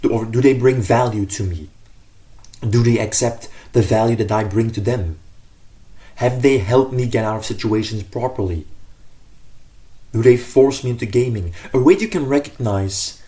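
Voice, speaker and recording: A man's voice: mid-range voice, moderate pace, mellow. A man giving casual self-improvement advice to camera in an earnest, rambling way, often correcting himself mid-sentence.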